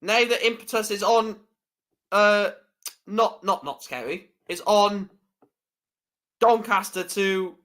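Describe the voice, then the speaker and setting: A man's voice: sits high, slow, pauses often, a bit bright. A man hosting a live stream, giving chatty fan commentary on a football match and swearing freely.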